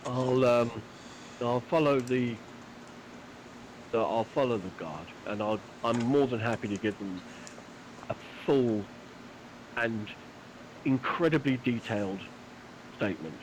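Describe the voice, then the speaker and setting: A man's voice: medium pitch, slow, pauses often, slight background noise, rough recording. A man playing a tabletop game, talking in character in a polite, wordy, persuasive way. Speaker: player. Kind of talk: in-character tabletop role-play.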